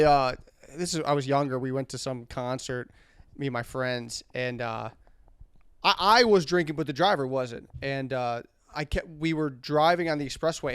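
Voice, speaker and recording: A man's voice: mid-range voice, smooth, no echo. A man co-hosting a casual podcast, telling jokey stories and acting out the people in them. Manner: jokey storyteller, acts out voices. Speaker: podcast co-host. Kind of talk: casual chat.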